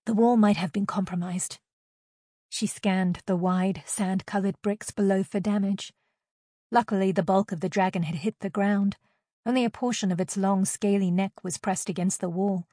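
A woman's voice: medium pitch, dark tone, no room sound, clean studio sound. Woman narrating a fantasy audiobook.

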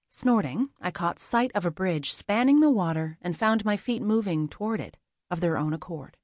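A woman reads a first-person fantasy story in a measured, quietly expressive way. Her voice sits on the low side, and the recording is dry and close with no room sound. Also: no room sound. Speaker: audiobook narrator.

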